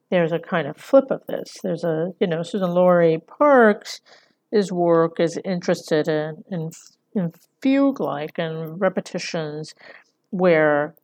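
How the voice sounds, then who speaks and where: A woman lectures on screenwriting in a relaxed, conversational way. Her voice sits a little low and has a gravelly fry, and she keeps checking in with her listeners by asking "right?". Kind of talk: recorded lecture.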